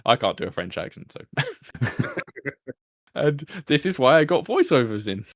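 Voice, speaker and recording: A man's voice: mid-range voice, huge pitch swings, unhurried, dry recording, clean studio sound. A man, the host of a podcast, chatting casually about his show, self-deprecating and laughing often. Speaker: podcast host being interviewed. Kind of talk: casual chat.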